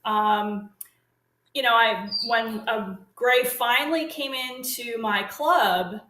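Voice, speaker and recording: A woman's voice: on the high side, slow, pushed and bright, echoey room, poor audio. A middle-aged woman telling long casual stories as an interview guest, rambling with fillers and restarts. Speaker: guest, parrot consultant. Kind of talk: casual storytelling chat.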